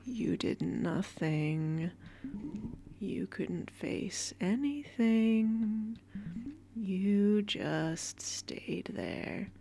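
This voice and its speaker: Woman doing a cruel whispering inner voice, slow and scornful, hushed and distant, faint hiss behind. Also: medium pitch, expressive, vocal fry, heavily acted. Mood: contemptuous.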